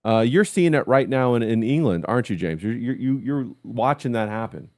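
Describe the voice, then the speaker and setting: A man hosting a livestream in casual chat, halting with many fillers as he reads the chat aloud. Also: medium pitch, animated, a little mellow. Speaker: livestream host.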